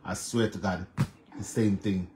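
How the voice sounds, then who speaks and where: A man's voice: sits low, steady tone, measured pace, darkish tone, slight background noise. A man with a Jamaican accent giving emphatic, repetitive casual commentary on social media drama, mixing patois with English. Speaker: online commentator.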